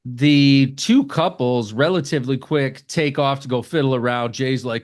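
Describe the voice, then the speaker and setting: Podcast co-host, casual recap, swears, quick silly voices for characters. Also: male voice, mid-range voice. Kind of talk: casual movie recap chat.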